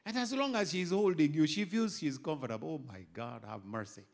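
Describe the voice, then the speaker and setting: A middle-aged Kenyan bishop preaching an animated sermon, moving from quiet asides to loud exhortation. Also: male voice, fairly high pitch, a little fast. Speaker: bishop and pastor.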